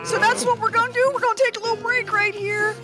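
A woman's voice: very high voice, fairly even intonation, fast talker, loud music behind the voice. A woman hosting a radio talk show, teasing her guest in a wry, casual way. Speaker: radio host.

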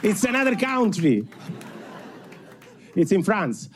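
A man from Italy with a strong Italian accent doing stand-up on a comedy club stage, animated and self-mocking, laughing at his own jokes. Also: high voice, takes it slowly, crowd noise, background noise.

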